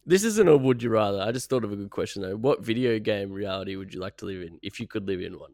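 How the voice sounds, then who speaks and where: A man's voice: fairly low pitch, animated, fast talker, a little mellow, no echo, clean studio sound. A man co-hosting a casual podcast, asking questions, hesitant and often laughing. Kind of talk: casual chat.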